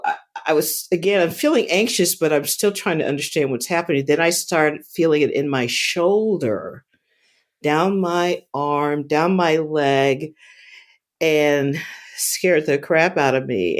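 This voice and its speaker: A woman telling a personal story in a casual, halting way, often repeating words and restarting sentences. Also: low-pitched. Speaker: storyteller recounting a personal experience.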